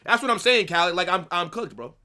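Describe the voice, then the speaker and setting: Man, young adult, football streamer, profane ranting, high voice. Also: quick pace, bright, forceful tone. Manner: profane, ranting, repeats himself. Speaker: streamer hosting a football watch-along. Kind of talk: live watch-along rant.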